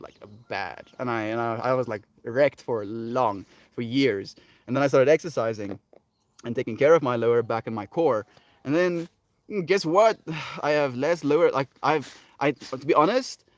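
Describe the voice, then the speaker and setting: A man's voice: medium pitch, dry recording. Earnest, dry-sounding male streamer. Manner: warm, earnest encouragement with frequent laughs. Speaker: livestream host. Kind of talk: casual livestream chat reading viewer comments.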